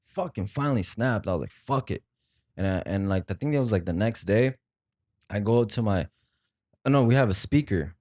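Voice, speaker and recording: A man's voice: fairly low pitch, animated, moderate pace, a little mellow, no echo, clean studio sound. A young adult man casually telling a raw, emotional story, full of fillers and swearing. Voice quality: profane, slangy speech. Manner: rambling, emotional retelling with frequent fillers. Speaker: podcast guest.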